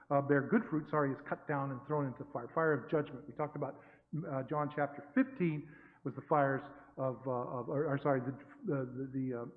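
A man preaching a conversational sermon, correcting himself often and rising to emphatic bursts. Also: a little high. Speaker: pastor. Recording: tinny phone-like sound with long hall reverb.

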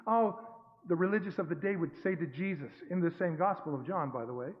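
A man's voice: a little high, fairly quick. A man preaching a conversational sermon, correcting himself often and rising to emphatic bursts. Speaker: pastor. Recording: tinny phone-like sound with long hall reverb.

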